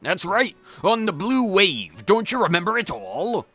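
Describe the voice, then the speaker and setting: A man voicing an excitable, loyal young male pirate sailor in a video game playthrough, with a put-on pirate accent. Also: high voice, moderate pace, faint music behind, voice pushed up. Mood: eager.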